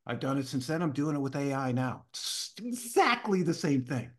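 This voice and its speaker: Here a man appearing as a guest on an interview show recounts a story at normal speed in a mid-range voice. His telling is easygoing and animated, and he slips into the voices of the characters as he quotes them.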